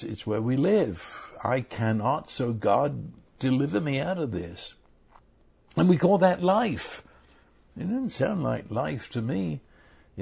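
An older man preaching a sermon, earnest and halting, often repeating his words as he goes. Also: medium pitch, creaky, a little mellow, breathy edge. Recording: dull lo-fi recording.

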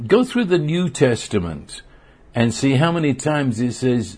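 A man preaching a sermon, earnest and halting, often repeating words as he searches for them. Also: mid-range voice, animated, darkish tone, husky.

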